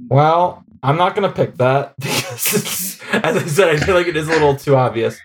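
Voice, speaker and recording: A man with a fairly high voice co-hosts a casual movie podcast. He talks in an animated, chatty way and often breaks into laughter. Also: normal speed. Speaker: podcast co-host. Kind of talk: casual film podcast chat.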